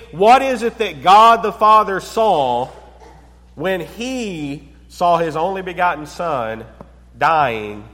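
High-voiced man preaching in a reverberant hall. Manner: preaching with dramatic pauses, dropping to a low hush on key words; asks the congregation rhetorical questions. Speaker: pastor. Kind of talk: sermon.

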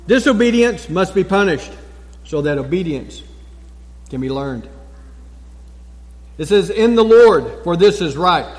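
A male pastor delivers a sermon in a fairly high voice. He stresses his points, repeats short phrases and leaves dramatic pauses. A long reverb trails each word through the church.

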